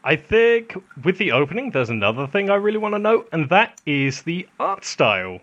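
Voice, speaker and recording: A man co-hosting a casual anime podcast, relaxed and chatty, laughing often. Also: on the high side, moderate pace, highs cut off. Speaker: podcast co-host.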